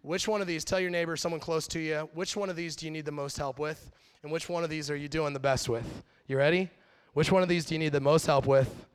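A man in his thirties preaching a sermon in a church, telling stories in a lively, animated way and acting out quotes. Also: on the high side, quick pace, clean tone. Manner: animated storytelling, acts out quotes. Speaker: pastor. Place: church sanctuary. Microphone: handheld or headset mic.

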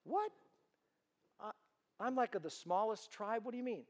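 A man's voice: high-pitched, expressive, normal speed, long reverb tail, voice pushed up. A man voicing a timid, bewildered young man who answers hesitantly and in disbelief. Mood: incredulous. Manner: incredulous, hesitant.

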